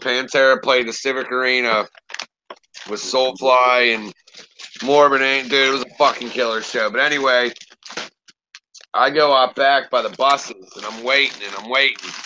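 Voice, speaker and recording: A man's voice: mid-range voice, pushed and bright, dull audio, slight background noise. A man in a casual chat, telling a laid-back, profane story.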